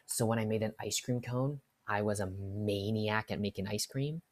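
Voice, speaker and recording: Very deep-voiced young woman, casual storyteller. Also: normal speed. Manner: swears freely, laughs a lot. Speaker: vlogger telling work stories.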